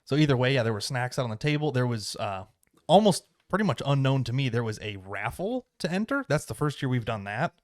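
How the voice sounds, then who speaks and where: A man's voice: medium pitch, sing-song, brisk, dry recording. An American man in a small studio chats loosely as the host of a podcast, rambling through a story with plenty of fillers. His voice sits mid-range and is recorded dry and close. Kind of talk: casual chat.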